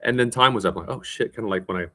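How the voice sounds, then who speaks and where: A man with a lowish voice rambles through a casual vlog monologue, plainly tired. He mocks himself as he goes, tripping over words and starting sentences over. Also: racing, pushed and bright. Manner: rambling, self-mocking, with frequent restarts and laughs. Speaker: vlogger.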